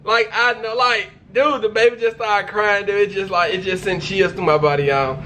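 A high-voiced man reacts on camera in loose, slangy talk. He gushes, repeats lines and keeps turning back to his viewers. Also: steady tone, moderate pace, sharp tone, slight background noise. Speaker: reaction video host. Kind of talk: casual reaction commentary.

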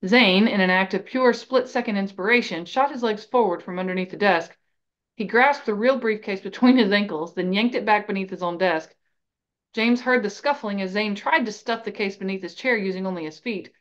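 A woman podcast host reading a fan novel aloud in an even, steady storytelling voice, on a slightly dull recording. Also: mid-range voice, normal speed.

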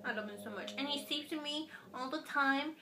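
A young woman vlogging casually to camera, playful and animated, slipping into baby talk with her dog. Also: sits high, normal speed, very noisy.

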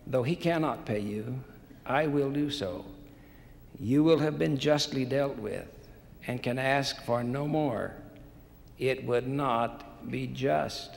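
A man voicing a calm, loving male mediator who offers to pay another's debt, heard in a large hall. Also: medium pitch, slow, vocal fry. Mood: assured. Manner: calm, assured. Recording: long hall reverb, faint noise.

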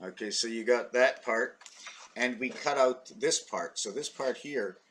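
Middle-aged man, vlog monologue, wandering and excitable, bright forceful tone. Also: mid-range voice, measured pace, slight background noise. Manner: excitable, wandering, thinking aloud with many rhetorical questions. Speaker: vlogger. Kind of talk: rambling monologue to camera.

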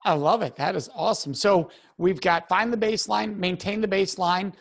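A man's voice: high voice, moderate pace, creaky, a bit bright. A man hosting a casual interview, enthusiastic and conversational. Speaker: podcast host.

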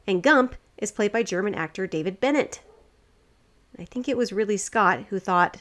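A woman's voice: medium pitch, moderate pace. A woman co-hosting a podcast, recapping a film in casual chat with frequent laughs and swearing. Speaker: podcast co-host.

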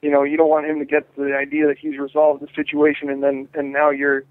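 A man's voice: a little high, a little fast, no echo. A talkative man on a tinny phone line. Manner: animated, acts out quoted voices, many restarts. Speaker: jury rights activist, guest. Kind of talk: interview over phone.

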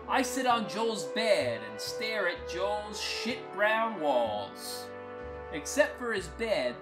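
A woman telling a crude, wry first-person comic story in a deadpan way. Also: fairly low pitch. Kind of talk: first-person comic monologue over music. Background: acoustic guitar music.

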